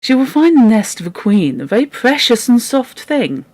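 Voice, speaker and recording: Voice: mid-range voice, very animated, normal speed, darkish tone, voice pushed up. A reader voicing a solemn magical bird.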